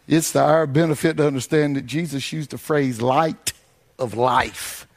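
High-voiced preacher in sing-song cadence. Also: male voice, lively intonation, moderate pace. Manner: sing-song preaching cadence, swelling loud then dropping low. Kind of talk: sermon.

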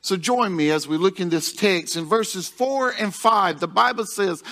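A man's voice: high-pitched, unhurried, few pauses, pushed and bright. A male pastor preaching a sermon in a folksy, repetitive way, chuckling at his own jokes.

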